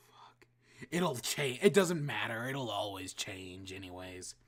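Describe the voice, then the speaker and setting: A woman's voice: rumbling low, sing-song, slow. A woman streaming a game, muttering casual, self-deprecating asides about doing voices. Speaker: streamer reading a game aloud.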